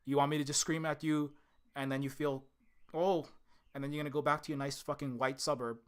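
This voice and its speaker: Heated, high-voiced man ranting. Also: little pitch movement, fairly quick, clean tone. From Hawaii. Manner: heated, profane, repeats himself, swings from shouting to weary. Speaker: indie game developer. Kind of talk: direct-to-camera angry rant.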